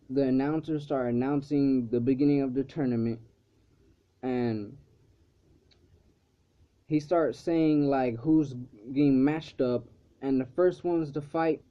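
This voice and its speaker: Rambling man recapping an episode. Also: mid-range voice. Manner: rambling, full of "like" and "um", swears freely. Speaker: episode reviewer. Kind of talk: casual recap of a cartoon episode. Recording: slightly dull lo-fi recording.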